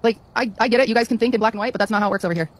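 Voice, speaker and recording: A woman's voice: on the high side, very fast. A woman streamer talking to her chat, insistent and repeating herself as she defends her view. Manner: insistent, repetitive.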